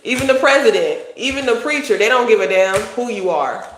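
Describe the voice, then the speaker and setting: A woman's voice: a little high, animated, a little fast. Blunt, cursing woman psychic reader; casual livestream delivery; heavy room echo, faint hiss. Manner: blunt, profane, rambling. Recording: very echoey room, faint noise.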